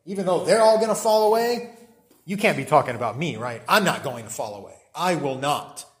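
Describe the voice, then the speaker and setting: A man's voice: mid-range voice, animated, a little fast, a bit bright, echoey room, natural voice. A man voicing a boastful, impetuous disciple who protests emphatically. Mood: protesting.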